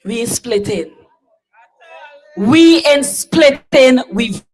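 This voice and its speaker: Lady hosting the rally stage, high voice, takes her time, chatty and playful. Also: expressive, very slow, darkish tone, breathy edge, poor audio. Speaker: rally emcee.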